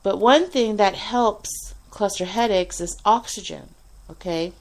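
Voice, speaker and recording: A woman telling a personal hospital story in a casual, animated way, swearing often and laughing between lines. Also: medium pitch, a little slow. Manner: animated, profane, frequent laughs and fillers. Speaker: radio show host telling a personal story.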